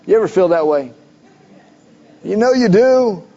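A male pastor preaching a sermon in a conversational, animated storytelling way, with rhetorical questions. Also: sits high, a little slow. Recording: dull lo-fi recording.

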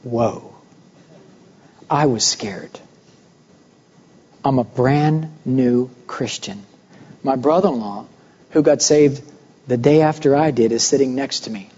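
A man preaching a sermon, telling a personal story with animated voices for the people in it. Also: mid-range voice, slow pace, long pauses, breathy edge. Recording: muffled recording with long hall reverb.

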